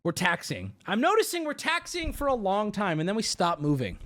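A man streamer telling a story casually to his audience, animated, profane and exaggerated. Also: high voice, fairly quick, hardly any pauses.

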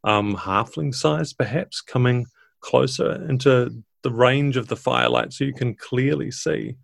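A man, narrating a tabletop game as dungeon master in a measured, descriptive way. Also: medium pitch, creaky, no room sound.

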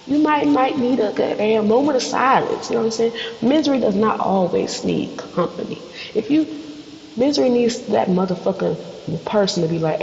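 A woman hosts her own podcast, ranting bluntly with lots of swearing and acting out quick scenes with other people. Her voice sits in a roomy, echoey space. The sound is a little dull, with a faint hiss underneath. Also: fairly high pitch. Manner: blunt, profane, animated, acts out little scenes. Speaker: podcast host. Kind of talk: solo podcast rant. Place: studio.

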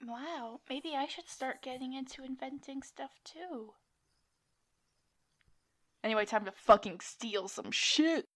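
A woman's voice: high voice, takes it slowly, long pauses, fairly bright tone. A woman playing a tabletop role-playing game, playful and giggly. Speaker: player. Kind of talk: casual tabletop play.

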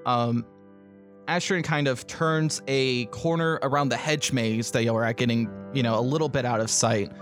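A man's voice: medium pitch, fairly even intonation, normal speed, soft background music. A man narrating a tabletop game as game master, rambling with many fillers. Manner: rambling, full of fillers and laughs.

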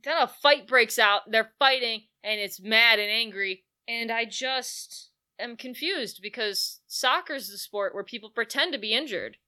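A woman co-host talking through a film in casual, joking chat. Her voice sits a little high and sounds bright and forward. She slips into quick character voices and swears freely. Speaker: podcast co-host.

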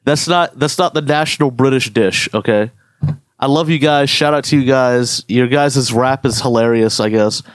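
A young man co-hosting a podcast, ranting and joking in animated, slangy casual chat. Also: mid-range voice, moderate pace, no echo. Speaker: podcast co-host.

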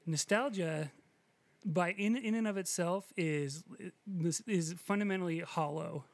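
Gravelly man co-hosting a podcast. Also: high-pitched, measured pace, no echo. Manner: rambling, self-deprecating, many restarts. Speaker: podcast co-host. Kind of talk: casual chat.

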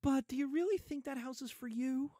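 A man reading the part of a falsely courteous white homeowners' representative in a soft voice. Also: very high voice, fairly quick, no room sound, clean studio sound, voice pushed up. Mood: smarmy. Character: polite condescending white neighborhood representative.

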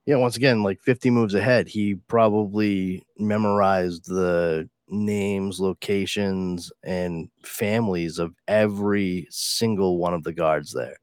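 A man's voice: sits low, fairly even intonation, unhurried, hardly any pauses, clean tone, no room sound, studio quality. A man co-hosting a casual chat about comics, loose and swearing now and then. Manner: casual, swears, reads comic lines in put-on voices. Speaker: podcast co-host.

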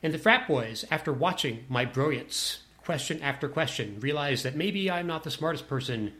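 A man's voice: fairly high pitch, animated, moderate pace, sharp tone. A man telling a personal anecdote to a listener in a wry, self-deprecating way.

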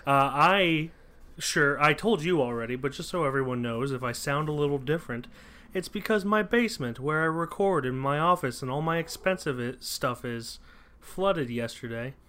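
A man's voice: a little high, lively intonation, moderate pace, bright, forceful tone. A man co-hosting a casual movie podcast from a room at home with poor acoustics. He rambles, with lots of fillers and restarts. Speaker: podcast co-host.

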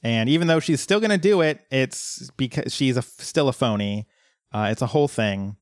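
A man co-hosting a podcast, recapping a TV episode in relaxed, unhurried casual chat. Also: mid-range voice, no echo, studio quality. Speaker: podcast co-host.

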